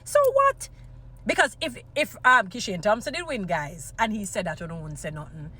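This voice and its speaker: A woman's voice: medium pitch, lively intonation, brisk, sharp tone, slight background noise. A Jamaican woman giving impassioned opinion commentary in a vlog, slipping into patois and often restarting her sentences. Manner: impassioned, mixes patois into English, many restarts. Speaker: vlogger.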